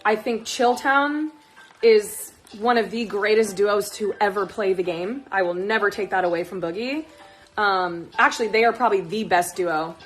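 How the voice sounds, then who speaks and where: A young woman chatting casually on a phone livestream, excitable and gushing, swearing freely as she talks about her favorite players. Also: medium pitch, normal speed, faint music behind. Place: at home, moving plants indoors.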